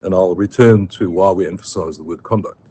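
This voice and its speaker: A man with a South African accent, arguing formally before a judge in a courtroom, measured and careful, with frequent ums and self-corrections. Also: sits low, dark tone, breathy edge, low-quality recording. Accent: South African English. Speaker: advocate addressing the court. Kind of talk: legal argument in court. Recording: faint room noise, live court stream.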